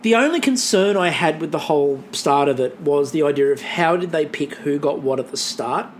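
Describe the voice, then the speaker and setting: Sarcastic man, lively swooping voice. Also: fairly high pitch, brisk, slight background noise. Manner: sarcastic, acts out quotes with swooping voice. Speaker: podcast co-host. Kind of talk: casual chat.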